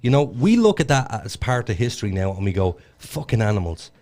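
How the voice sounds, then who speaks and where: A man's voice: medium pitch, very animated, quick pace, darkish tone. An Irish man co-hosting a podcast, chatting casually in a blunt, profane, ranting way. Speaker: podcast co-host. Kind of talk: casual chat.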